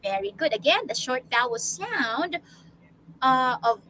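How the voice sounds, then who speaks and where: A woman with a Filipino accent teaching an online lesson, speaking slowly and patiently with drawn-out vowels. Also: sits high, sing-song, bright, forceful tone, slight background noise, low-quality recording. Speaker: online tutor. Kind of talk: classroom teaching.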